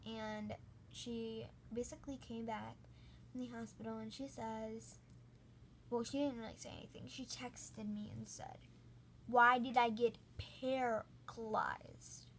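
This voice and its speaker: A woman's voice: fairly high pitch, little pitch movement, unhurried, darkish tone, a little hiss or hum. A woman hosting a storytime channel, recounting a story in a rambling, casual way with lots of "like". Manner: rambling, heavy use of "like".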